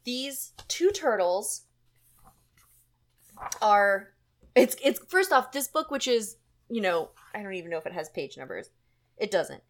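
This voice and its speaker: A woman hosting a podcast in casual chat, animated and chatty with plenty of fillers. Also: mid-range voice, measured pace, pauses often. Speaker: podcast host.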